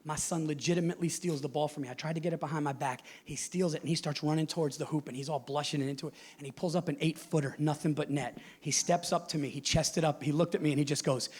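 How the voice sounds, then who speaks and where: A middle-aged man doing a stand-up set on stage, telling a loud, brash story full of swearing and acted-out quotes. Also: fairly high pitch, steady tone, fast talker, few pauses, slightly rough. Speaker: stand-up comedian. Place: large theater with live audience. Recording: live show with loud audience laughter. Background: audience laughing.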